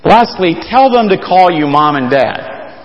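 Earnest pastor preaching in a reverberant hall. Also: male voice, lively intonation, measured pace, highs cut off. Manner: earnest, emphatic, with big rises in pitch for stress. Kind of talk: sermon.

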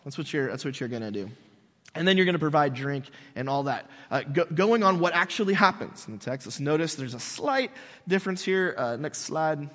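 Male pastor, fairly high voice, lively conversational sermon, long hall echo. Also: fairly quick. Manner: animated, conversational storytelling. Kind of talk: casual sermon.

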